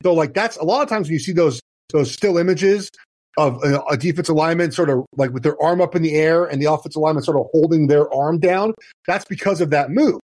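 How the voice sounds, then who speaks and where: A man's voice: a little high, fast, darkish tone, no echo. Male ex-player guest, thirties, explanatory and chatty, dry close sound. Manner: explanatory, many restarts and "you know". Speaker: guest, former NFL player. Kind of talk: casual podcast chat.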